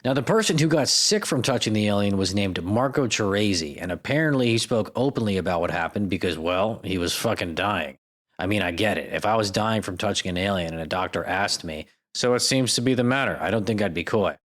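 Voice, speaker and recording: Animated, foul-mouthed male podcast host. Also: low-pitched, a little fast. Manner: profane, sarcastic, riffing. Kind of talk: comedic solo podcast monologue.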